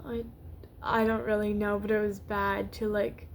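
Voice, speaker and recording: A young woman YouTuber rambling through an unscripted vlog, full of fillers and restarts, her voice going hoarse. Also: mid-range voice, level tone, a little slow, a little hiss or hum. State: losing her voice.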